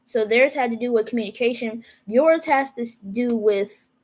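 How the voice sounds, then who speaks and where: A woman's voice: a little high, moderate pace, a little mellow, low-quality recording. A young woman giving a casual, profane tarot reading, talking straight to her viewers. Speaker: tarot reader.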